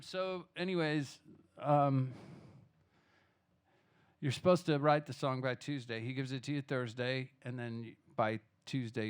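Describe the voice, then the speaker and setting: A man from Texas, a singer-songwriter in a live music club, rambling loosely between songs, restarting himself and swearing casually. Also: medium pitch. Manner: loose, chatty, self-interrupting, swears casually.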